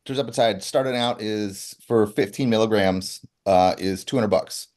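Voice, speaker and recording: A man co-hosting a live health stream, taking viewer questions and answering them plainly and calmly. He sounds easygoing and reassuring, with a voice a bit lower than most men's. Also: moderate pace. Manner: relaxed, reassuring, matter-of-fact. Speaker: co-host reading viewer questions. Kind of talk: casual livestream chat.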